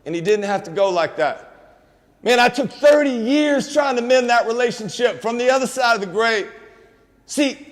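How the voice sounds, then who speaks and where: A man speaks to a student assembly in a high, carrying voice. He preaches in a streetwise way and keeps calling out to the crowd. His voice rings with the long reverb of a big auditorium. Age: 50s. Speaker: motivational speaker. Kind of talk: inspirational school assembly talk. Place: school auditorium.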